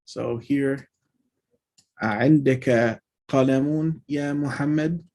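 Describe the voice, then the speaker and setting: A man's voice: medium pitch, unhurried, creaky, darkish tone. Male language tutor, mid-range voice, casual and explanatory, reads lines aloud then unpacks them. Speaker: language teacher.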